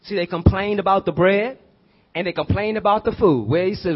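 High-voiced preacher man, lo-fi sound. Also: a little fast, breathy edge. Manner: swings from hushed prayer to shouted emphasis; uses y'all and call-and-response questions. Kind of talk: sermon.

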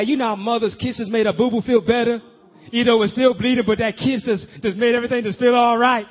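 A man's voice: very high voice, steady tone, fairly quick. A man preaching a sermon, urging his congregation to answer back and building his points with rhythmic repetition. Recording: dull lo-fi recording.

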